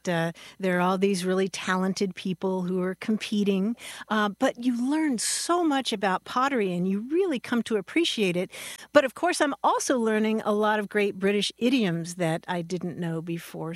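A woman's voice: mid-range voice, dry recording, clean studio sound. A woman co-hosting a call-in radio show, chatty and explanatory, with easy fillers.

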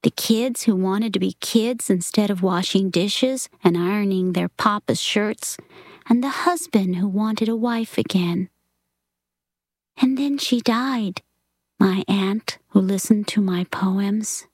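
A woman reading a story aloud in a soft, often half-whispered delivery. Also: medium pitch, slow pace, no room sound, studio quality. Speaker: reader.

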